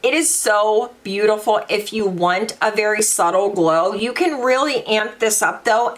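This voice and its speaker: A woman's voice: mid-range voice, fairly bright tone. A young woman vlogging casual makeup reviews, chatty and gushing, with dramatic sighs and emphasis. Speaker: beauty vlogger.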